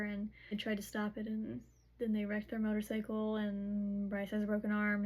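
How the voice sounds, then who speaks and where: A woman's voice: mid-range voice, darkish tone, poor audio. A young woman chatting casually through a book recap, with frequent filler words.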